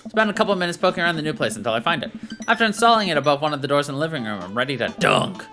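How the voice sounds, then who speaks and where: A man's voice: on the high side, very animated, rapid-fire, music in the background. A man reading a dating-sim game aloud in first person as the dad, with playful, jokey asides. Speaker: gaming YouTuber.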